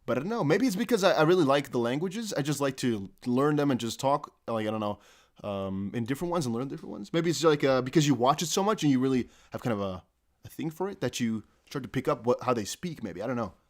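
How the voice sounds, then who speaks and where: A crypto stream host with a light Dutch accent talks fast in an expressive, mid-range voice. His chat is casual; he reads viewers' comments aloud and tends to trail off saying "I don't know."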